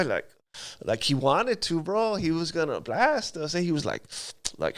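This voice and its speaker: A man's voice: a little high, sing-song, moderate pace, a bit bright, no room sound. A man telling his life story in a casual interview, using street slang and acting out sounds.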